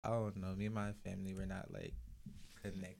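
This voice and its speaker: A young man from Jamaica with a Brooklyn accent, a podcast guest talking in a relaxed, casual way and often hedging with "like". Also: low voice, a little fast, gravelly, slight background noise. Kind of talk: casual chat.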